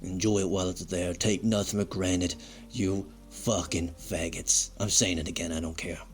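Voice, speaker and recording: A man's voice: sits low, steady tone, moderate pace, faint music behind, lightly acted. A man playing a crude, bitter fired wrestler who rambles and swears in a comedic monologue. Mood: angry. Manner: foul-mouthed, rambling, self-pitying.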